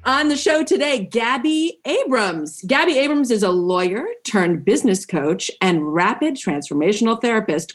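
A woman hosting a podcast, enthusiastic and motivational, reading an intro and then chatting with a guest. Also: mid-range voice. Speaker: podcast host. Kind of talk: upbeat podcast intro and interview.

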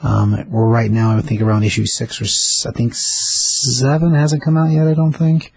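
A man's voice: mid-range voice, little pitch movement, moderate pace, gravelly, a little mellow, husky, no echo. A man explaining a comic series in casual chat, with plain fillers. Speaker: comic book podcast co-host.

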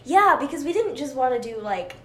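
A woman's voice: sits high, very animated, fairly quick, fairly bright tone. A woman co-hosting a podcast, chatting casually with lots of fillers and giggles. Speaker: podcast co-host. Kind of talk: casual chat. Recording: roomy with faint hiss.

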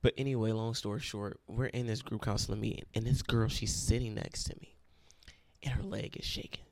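A man's voice: lowish voice, fairly even intonation, brisk, vocal fry, darkish tone. A young man sharing a personal testimony, telling his story earnestly and repeating phrases for emphasis.

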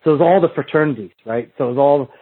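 Husky man on a tinny remote line. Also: fairly high pitch, racing. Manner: rambling, restarts often, slips into quoted street talk. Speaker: podcast guest. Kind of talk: casual storytelling chat.

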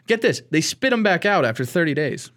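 Lively rambling male podcast host. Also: a little fast. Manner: rambling storyteller, lively swings in pitch. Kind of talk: casual chat.

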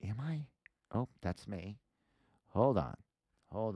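A man hosting a podcast leads a relaxed livestream tour of a website, musing aloud with frequent fillers and swearing. His fairly low, dark voice has lively intonation but moves slowly with frequent pauses, and there's no room sound.

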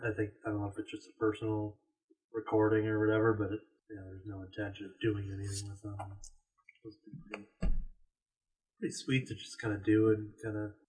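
A man co-hosting a casual podcast from a store, rambling with lots of fillers. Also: fairly low pitch. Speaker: podcast co-host. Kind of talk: casual chat. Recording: distant from the mic.

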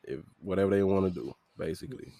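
A man's voice: deep voice, quick pace, creaky, mellow, no echo. A man from Memphis with a Southern accent, a podcast guest talking emphatically and profanely in casual chat. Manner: emphatic, profane, calls people fool and bro.

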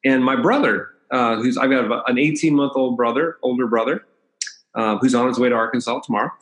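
A man's voice: mid-range voice, a little fast. Man in his fifties telling a rambling story, roomy echo. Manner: rambling, self-correcting, lively storyteller. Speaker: podcast guest. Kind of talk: storytelling in conversation.

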